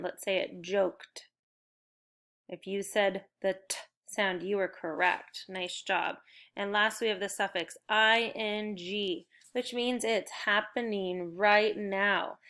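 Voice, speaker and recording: A woman teaching a recorded phonics and spelling lesson to young children, speaking slowly and clearly with encouragement. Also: mid-range voice, a bit bright.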